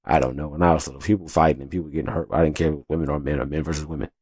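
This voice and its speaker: A man's voice: rumbling low, fairly even intonation, very fast, darkish tone, dry recording, clean studio sound. A man hosting his own podcast, telling stories in a loose, profane, chatty way and often asking "you know what I'm saying". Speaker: podcast host. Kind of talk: casual storytelling monologue.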